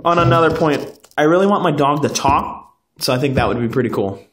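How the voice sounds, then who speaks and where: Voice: medium pitch, animated, brisk, a little hiss or hum. A podcast host recapping a TV episode in a rambling, profane way, often drifting off into tangents and talking straight to the camera.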